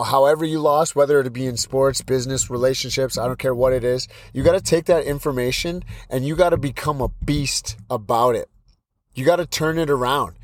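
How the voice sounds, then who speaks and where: Man in his thirties, podcast host and fight coach, blunt and repetitive pep talk, mid-pitched voice, dry close mic. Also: dry recording. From British Columbia, Canada. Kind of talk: motivational solo podcast talk.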